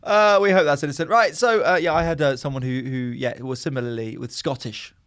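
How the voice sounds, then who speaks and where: A man's voice: on the high side, brisk, fairly bright tone. A man co-hosting a podcast, trading teasing, joking banter in casual chat. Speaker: podcast co-host.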